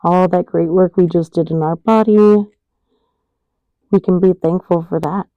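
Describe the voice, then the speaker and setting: A woman yoga instructor giving calm, unhurried cues for poses and breathing. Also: on the low side, no echo, dull audio. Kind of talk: guided yoga class instruction.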